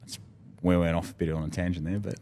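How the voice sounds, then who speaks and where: A man's voice: sits low, little pitch movement, fast talker, warm tone. An Australian man speaking as a podcast guest in casual conversation, candid and heartfelt, swearing freely.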